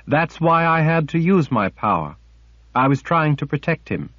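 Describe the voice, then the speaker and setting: A man's voice: a little high, expressive, normal speed, fairly bright tone, no echo, pitched above the performer's own voice. A man voicing a determined female sorceress who pleads urgently while trying to sound reasonable, in a storybook reading. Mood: pleading. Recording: dull lo-fi audiobook recording.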